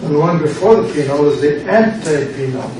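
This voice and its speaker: Older American pastor teaching a Greek class. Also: male voice, on the high side, animated, a little fast. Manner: quizzing students, repeating words, playful puns. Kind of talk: classroom lesson with drills. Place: church classroom. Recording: very echoey room, mic far off, noise.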